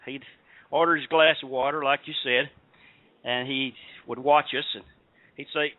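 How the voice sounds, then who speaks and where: A man's voice: mid-range voice, fairly even intonation, normal speed, long pauses, dry recording. Southern guy hosting a radio show, rambly, lots of uhs, dry tinny line. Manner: rambling, storytelling with many fillers. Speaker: podcast host. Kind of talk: casual radio chat.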